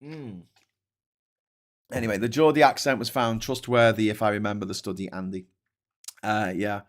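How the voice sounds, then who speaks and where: A man's voice: fairly low pitch, fairly even intonation, moderate pace. A man hosting a casual livestream chat, rambling and ranting, swearing freely and restarting his sentences often. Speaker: show host.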